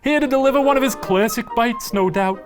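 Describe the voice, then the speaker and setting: A man's voice: fairly quick, music in the background. A man voicing a scrappy, street-wise male rat in a puppet comedy sketch, in a theatrical attempt at a Brooklyn accent that keeps drifting. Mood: chummy. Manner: squeaky, theatrical, drifting between voices.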